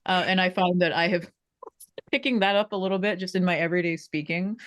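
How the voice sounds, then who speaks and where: A woman's voice: fairly low pitch, fast talker. A young woman talking casually in an interview about acting, chatty and self-deprecating, with frequent restarts. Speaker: theater performer being interviewed.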